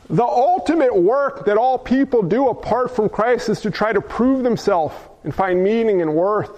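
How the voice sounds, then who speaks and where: A man preaching a sermon to a congregation, fervent and emphatic, firing rhetorical questions at his listeners. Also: very high voice.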